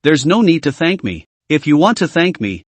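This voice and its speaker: Man doing a calm immortal master, teasing, relaxed, dry close sound. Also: a little high, normal speed, dry recording.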